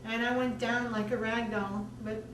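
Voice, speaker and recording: A woman earnestly recounting her own story in a measured way, with many pauses. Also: fairly high pitch, little pitch movement. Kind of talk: personal testimony. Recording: echoey room, distant mic, faint background noise.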